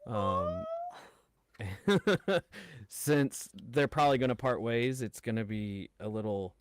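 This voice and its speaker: A man playing a tabletop game who speaks haltingly, with many fillers. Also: mid-range voice, slight background noise. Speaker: player. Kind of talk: tabletop role-play.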